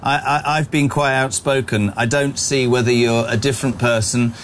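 A man's voice: mid-range voice, fairly even intonation, moderate pace, a little hiss or hum. A man with a northern English accent hosting live talk radio, brash, chatty and opinionated. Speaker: radio breakfast show host.

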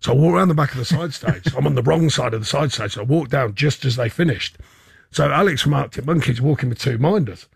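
A man telling stories in a casual chat as a guest, in an excitable, rapid way. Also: medium pitch, gravelly, slightly rough, no echo, clean studio sound. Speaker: football guest.

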